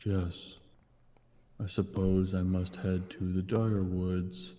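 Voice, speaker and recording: A man voicing a single-minded male warforged construct in a tabletop role-play, speaking in a flat, formal, deliberate way. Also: low voice, a little hiss or hum. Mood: flat earnest.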